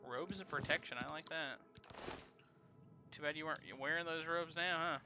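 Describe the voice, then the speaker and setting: A man's voice: a little high, fairly even intonation, moderate pace, noisy background. A young man casually commenting on a game during a live stream, laid-back and slangy, rambling between actions. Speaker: let's play streamer. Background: game music.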